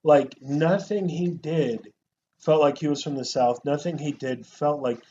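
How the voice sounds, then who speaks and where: A man chatting over a movie on a podcast, his voice sitting a bit high, animated and quick to mimic lines. The sound is muffled with a faint hiss underneath. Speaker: podcast co-host. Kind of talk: casual movie review chat.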